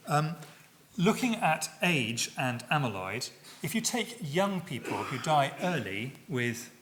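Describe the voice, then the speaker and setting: A middle-aged man giving a public lecture, speaking in a measured way with frequent fillers and self-corrections. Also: mid-range voice, fairly bright tone, a little hiss or hum.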